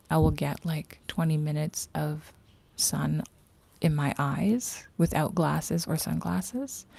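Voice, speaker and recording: Woman hosting a rambling livestream; low, gravelly, mellow voice with frequent whispered asides. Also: no room sound. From Canada. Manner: rambling, chatty, drops into whispered asides, laughs often. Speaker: livestream host. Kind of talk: casual livestream chat. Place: outdoors in morning sun.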